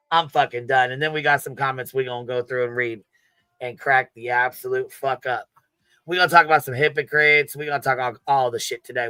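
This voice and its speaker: A man's voice: mid-range voice, sharp tone, clean tone, no echo. Foul-mouthed laughing man hosting a livestream. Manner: profane, laughing, trash-talking. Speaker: livestream host. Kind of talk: brash commentary livestream.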